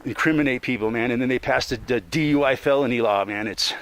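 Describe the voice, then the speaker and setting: A man's voice: mid-range voice, fast talker, fairly bright tone. A man ranting angrily in a rambling, profane monologue, ending many sentences with "man.". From Colorado. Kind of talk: casual monologue rant.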